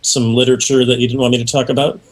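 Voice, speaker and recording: Soft hesitant guest guy, mid voice. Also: medium pitch, level tone, racing. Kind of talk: casual chat.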